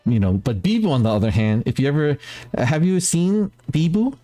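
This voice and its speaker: A man from the Philippines hosts a laid-back talk stream with a mellow voice. He rambles on in an animated way and often breaks into laughter. Faint music plays behind him. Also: a little high, moderate pace. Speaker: talk show host. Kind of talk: casual chat.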